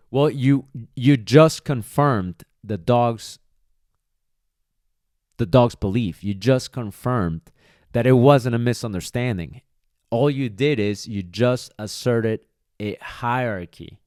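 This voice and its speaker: A man's voice: medium pitch, measured pace, darkish tone, no room sound, studio quality. A man who trains dogs, hosting a podcast monologue and speaking bluntly and emphatically, with casual swearing. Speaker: dog trainer, podcast host.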